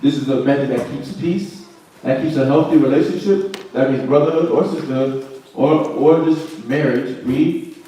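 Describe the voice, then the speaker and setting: A man with a medium-pitched, warm voice teaches a Bible class at normal speed, explaining verses in a casual preaching style. He uses slang and acts out quotes. The mic is distant and the room echoes.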